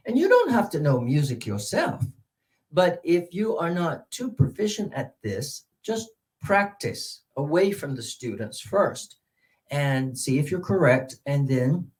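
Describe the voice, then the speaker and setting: Middle-aged male teacher trainer, dark warm tone, chatty presenter with fillers. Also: mid-range voice, low-quality recording. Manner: explanatory, repeats example words, many fillers.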